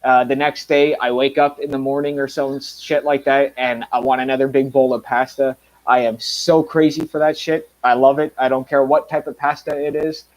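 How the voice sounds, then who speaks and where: A man with a mild Canadian accent rambles to his viewers in a casual monologue, full of ums and false starts. He is blunt and talks at an ordinary middle pitch. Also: level tone, normal speed, hardly any pauses, low-quality recording. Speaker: reviewer.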